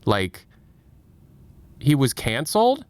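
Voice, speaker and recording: A man's voice: medium pitch, huge pitch swings, takes it slowly, darkish tone, no echo. Rambling, self-mocking male streamer. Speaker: livestream host. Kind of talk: casual stream chat.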